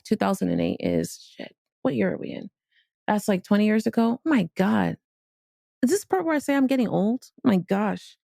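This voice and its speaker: Middle-aged woman host from Miami, gravelly edge, mid pitch, candid and playful with casual swearing, dry close sound. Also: darkish tone, no echo. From Miami, Florida. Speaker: podcast host. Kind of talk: motivational monologue.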